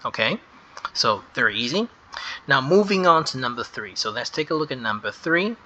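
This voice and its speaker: A man teaching English grammar, explaining slowly and carefully and stressing key words. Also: mid-range voice, lively intonation, bright, forceful tone. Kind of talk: slow explanatory lesson.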